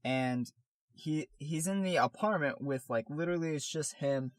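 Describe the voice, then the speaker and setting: A man's voice: a little high, normal speed, no echo. A man co-hosting a podcast in casual chat, rambling with lots of "like" and restarts as he gathers his thoughts. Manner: rambling, many fillers and restarts. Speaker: podcast co-host, artist.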